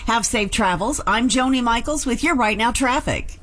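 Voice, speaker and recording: A woman reading a radio traffic report in a brisk, matter-of-fact way. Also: on the high side, animated, fairly bright tone.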